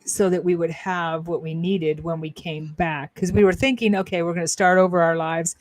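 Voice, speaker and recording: A woman's voice: fairly low pitch, steady tone, normal speed, no room sound. A woman co-hosting a casual spiritual talk show as a psychic-medium, telling her story in a rambling, hesitant way with many fillers and restarts.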